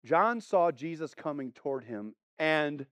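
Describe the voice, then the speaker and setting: A man preaching a sermon, animated, swinging between hushed tones and loud exclamations as he acts out scripture. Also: fairly high pitch, unhurried, dry recording.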